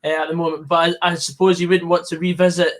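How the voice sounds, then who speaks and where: A male podcast host with a fairly high voice chats casually about football. He sounds relaxed and teases his guests now and then. There is a faint noise under his voice. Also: fast. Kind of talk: casual chat.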